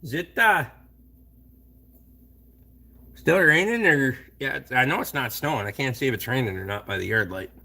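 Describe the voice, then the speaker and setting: A middle-aged man with a medium-pitched, pushed and bright voice, lively intonation and vocal fry talks at a normal speed with long pauses. Hosting a casual late-night stream, he reads chat and answers it bluntly, rambling and swearing a lot.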